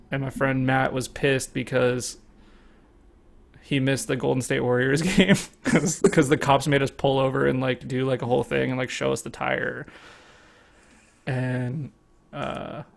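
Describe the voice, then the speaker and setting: Young male podcast host, gravelly, loose and profane, rambling chat. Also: mid-range voice, level tone, a little slow. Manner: rambling, lots of "like", swears freely. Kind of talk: casual storytelling chat.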